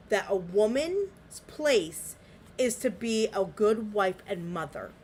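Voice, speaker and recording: A woman co-hosting a podcast, ranting hotly with a constant stream of swearing. Her voice sits somewhat high and swings widely in pitch. A faint hiss runs underneath. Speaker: podcast co-host.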